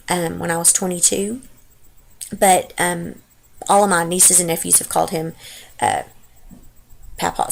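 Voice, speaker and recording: This is a Texan woman in her thirties with a low, gravelly voice. She chats loosely through a vlog quiz, often trailing off with fillers and little asides. The delivery stays relaxed and unpolished. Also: a little hiss or hum. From Texas. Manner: rambling and unsure, with many ums and trailing asides. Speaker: vlogger. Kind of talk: casual dialect-tag chat.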